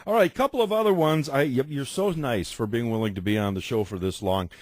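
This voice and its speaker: A man's voice: mid-range voice, fairly quick, no echo. A man hosting a talk radio show, affable, steering the guest with short questions. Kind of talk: phone-in radio interview.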